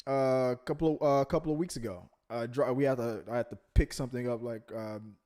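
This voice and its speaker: A man's voice: medium pitch, fairly even intonation, fairly quick, mellow. A man from Texas hosting a casual podcast chat, talking with frequent restarts and hesitations. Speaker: podcast host.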